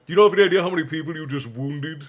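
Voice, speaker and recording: A man's voice: on the high side, very fast. A young man hosting a live stream, reading a novel aloud and breaking off for chatty, joking asides to his chat. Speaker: stream host and reader.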